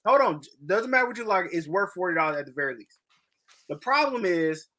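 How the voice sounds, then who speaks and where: A man's voice: sits high, sing-song, fast talker, a crowd in the background. A man who is a guest on a casual podcast chat, making his points in an emphatic, lecturing, profane way.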